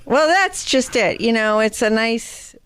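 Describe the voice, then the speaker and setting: Woman radio co-host, smooth clear voice, chatty and wry, dry studio sound. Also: fairly high pitch, expressive, a little slow, dry recording. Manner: chatty, reads mailings aloud with wry asides. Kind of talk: casual radio chat.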